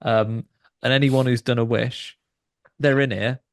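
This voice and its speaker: A man on a podcast, recapping a film in a rambling, animated way with lots of restarts. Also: medium pitch, measured pace, creaky, no room sound, studio quality. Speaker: podcast co-host. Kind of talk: casual chat recapping a film.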